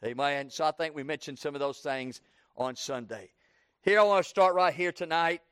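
A man's voice: moderate pace, fairly bright tone, clear, resonant tone, no room sound, clean studio sound. A man preaching an evening sermon, repeating lines in rhythm and calling for "Amen" from the congregation. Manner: call-and-response preaching, asks the congregation "Amen?"; rhythmic repetition, rising to a fervent pitch.

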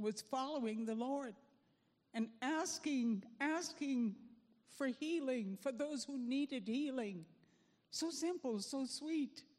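A woman gives a church testimony, speaking earnestly and with fervor. She talks very slowly in a somewhat high voice. A long church reverb hangs behind her words. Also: darkish tone. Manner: earnest, unhurried, fervent. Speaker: congregant giving a testimony. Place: church sanctuary.

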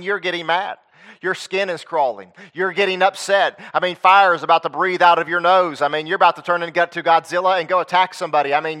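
With a voice that sits high and sounds a bit bright, a man preaches a conversational sermon. He asks the congregation questions and repeats his points.

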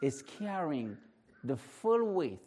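Slow-preaching high-voiced man. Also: very animated. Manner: slow, emphatic preaching with hushed prayer and rising exclamations. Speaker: pastor. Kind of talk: sermon with prayer.

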